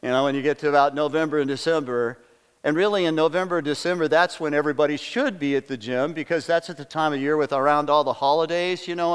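A man's voice: on the high side, smooth. A male pastor preaching a sermon in a conversational way, often putting questions to the congregation. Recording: long hall reverb.

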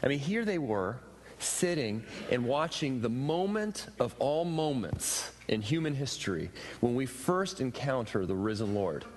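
A man preaching a sermon, retelling a scripture passage with expressive, emphatic questions. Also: medium pitch, unhurried. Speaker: pastor. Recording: reverberant hall with faint ambient noise.

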